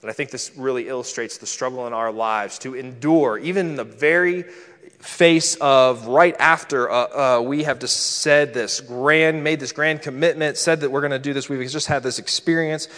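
A man delivers a sermon at a mid-range pitch, and his voice trails off into the long reverb of a large church hall. He talks to the congregation informally and conversationally, like a teacher explaining a passage. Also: normal speed, fairly bright tone. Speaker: preacher.

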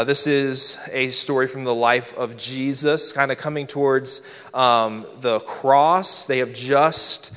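A man's voice: mid-range voice, fairly bright tone, clean tone. Conversational male preacher in an echoing hall. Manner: conversational, informal teaching tone. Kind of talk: sermon. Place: church hall with a screen. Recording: long reverb of a large hall.

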